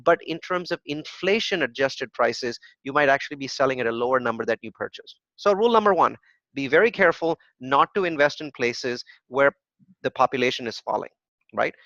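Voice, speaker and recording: A man's voice: medium pitch, expressive, a little fast, a bit bright, no room sound. A man teaching a real estate investing workshop. He talks emphatically, poses rhetorical questions, answers them himself, and tags his points with "right?". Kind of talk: live workshop presentation with web demos. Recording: dull, dry lo-fi recording.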